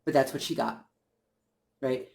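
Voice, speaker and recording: A man's voice: mid-range voice, fairly even intonation, a little slow, gravelly, a little mellow. A man talking in a casual monologue, earnest and indignant, often restarting his sentences as he works through his point. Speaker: channel host.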